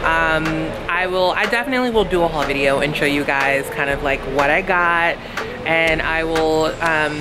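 A young woman vlogging in a gushing, upbeat way, full of fillers, going hoarse as she loses her voice. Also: low-pitched, normal speed. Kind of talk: casual vlog narration. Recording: loud background music.

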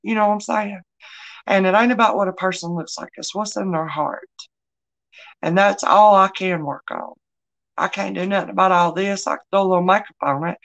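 A woman's voice: medium pitch, fairly quick, creaky. A middle-aged woman, hosting a live online sale in a chatty, folksy way and greeting viewers by name. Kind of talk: casual live-stream selling chat.

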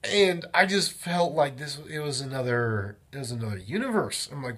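A young man talking casually in his daily vlog, rambling and animated as he tells a story and often interrupts himself. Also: mid-range voice, moderate pace, hardly any pauses, slightly rough. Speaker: vlogger.

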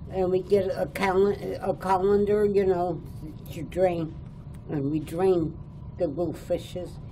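Slow, mellow-voiced older woman reminiscing. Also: lowish voice, a little hiss or hum, rough recording. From born in Italy, raised in New York State. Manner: chuckles while recalling childhood stories. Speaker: oral history interviewee. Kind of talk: reminiscing storytelling. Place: adult care home.

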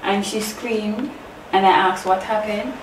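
An actress with a Jamaican accent playing an accused wife, defensive and insistent. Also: female voice, mid-range voice, fairly even intonation, a little slow, close to an everyday voice. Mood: anxious. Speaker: actor. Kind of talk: low-budget film acting. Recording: distant, echoey room, faint hiss.

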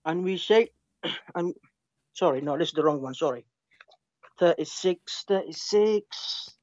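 A man from England with an English accent, in an online religious debate, defensive and asking to explain while reading verses slowly. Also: on the high side, darkish tone, no echo, highs cut off. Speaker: debate caller.

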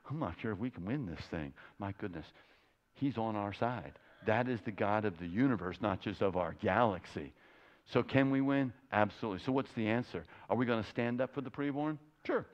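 Passionate preacher with a low voice. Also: male voice, muffled recording. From Florida, USA. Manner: passionate, emphatic, many rhetorical questions. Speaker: guest speaker. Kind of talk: sermon.

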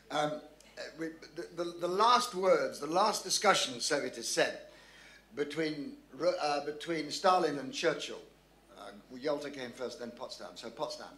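Man, slightly high voice, guest speaker at a club talk, halting anecdotal delivery, echoey room. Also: animated, a bit bright. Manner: anecdotal, thoughtful, with frequent restarts and ums. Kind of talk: public lecture Q&A answer. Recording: roomy hall echo.

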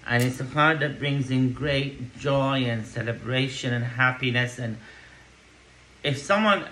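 A man's voice: medium pitch, a little slow, sharp tone, poor audio. A man giving a tarot card reading to camera, reassuring, checking in with "okay?" and "yeah?" between thoughts. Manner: reassuring, repeats "okay?" often. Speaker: tarot reader.

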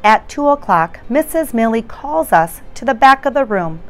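A woman reading a children's bedtime story aloud in a gentle, unhurried way. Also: fairly high pitch, lively intonation, soft background music.

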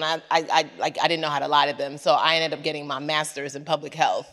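A fairly low-voiced woman from Nigeria tells stories onstage in a large hall, and her voice rings with a long reverb. She is animated and laughs often, and she slips into other people's voices as she goes. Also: a little fast, few pauses. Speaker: panel guest. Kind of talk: storytelling on a panel. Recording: echoey hall.

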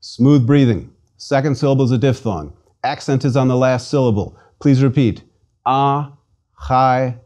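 A man's voice: medium pitch, normal speed, few pauses, mellow. A man giving a scripted pronunciation lesson, patient and repeating words for the listener to drill. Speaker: language lecturer. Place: studio.

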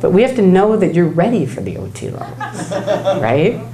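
Woman playing a flattering cult recruiter. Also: fairly low pitch, normal speed. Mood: coaxing flattery. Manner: coaxing, flattering.

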